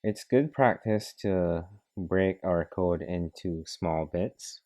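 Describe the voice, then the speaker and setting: A man's voice: low voice, takes it slowly, mellow. A man narrating a coding tutorial, talking methodically through each step. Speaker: programming tutor. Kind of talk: screen-recorded coding tutorial.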